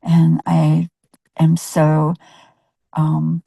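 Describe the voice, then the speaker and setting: A woman with a low voice tells a personal story in an interview. She talks chattily and fills her sentences with "uh" and small restarts. The sound is dry and close. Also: completely flat delivery, drawn-out words, creaky, dark tone, breathy edge, dry recording. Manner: chatty, full of fillers and self-corrections. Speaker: photojournalist interviewee. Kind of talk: anecdotal storytelling.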